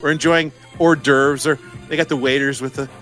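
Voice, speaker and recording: A man's voice: medium pitch, fairly even intonation, moderate pace, a bit bright, faint music behind. A man co-hosting a podcast, telling a rambling story in a casual chat, chuckling often and acting out the voices of the people in it. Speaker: podcast co-host.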